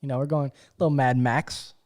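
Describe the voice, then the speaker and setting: Laid-back male co-host, casual chat, mid pitch, loose mumbled asides. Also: fairly even intonation, fairly quick, darkish tone. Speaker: podcast co-host.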